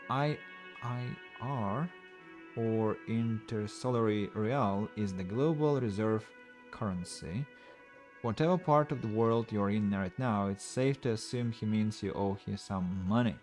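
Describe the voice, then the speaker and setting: A man streaming a video game, casually reading its narration and dialogue aloud and commenting, with faint game music behind. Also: fairly low pitch.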